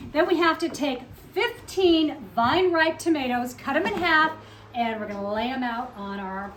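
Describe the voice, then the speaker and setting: A woman filming a casual home cooking video, chatting and joking with herself as she works in her kitchen. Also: high voice. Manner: chatty, self-mocking, talks to herself while cooking. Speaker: cooking vlogger. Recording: clear kitchen noise behind. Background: clattering dishes and pans.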